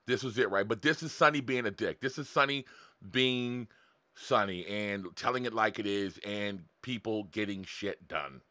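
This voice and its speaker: A man's voice: lowish voice, moderate pace, sharp tone, dry recording. A man in his forties talking bluntly and profanely on a live stream, coaching his viewers and laughing often. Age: 40s. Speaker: online marketing coach. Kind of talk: live-streamed motivational talk.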